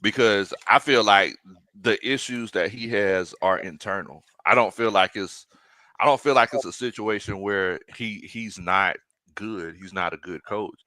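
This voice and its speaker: A man hosting a casual sports chat, animated and quick to laugh. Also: fairly low pitch, dry recording. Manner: laughs often, animated and teasing. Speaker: sports podcast host.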